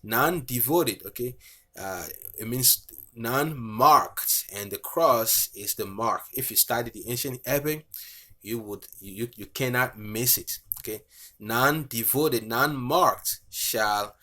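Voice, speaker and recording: A man's voice: medium pitch, slow, bright, forceful tone. A male preacher giving a bible teaching, reading verses aloud and explaining them with frequent fillers. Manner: reads scripture aloud, frequent fillers and "okay".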